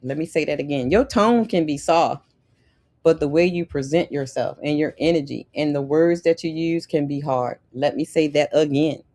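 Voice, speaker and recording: A woman's voice: sits low, moderate pace, mellow. Sassy, emphatic woman giving life advice. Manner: emphatic, repeats key lines, sassy asides. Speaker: lifestyle podcast host. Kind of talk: motivational talk to women.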